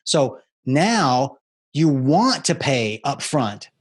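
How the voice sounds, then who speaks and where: A middle-aged man speaking as a guest on an interview show, explaining sales storytelling in a lively way and acting out the voices of the people in his stories. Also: medium pitch, very slow. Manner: animated storyteller who acts out quoted voices. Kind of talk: conversational interview.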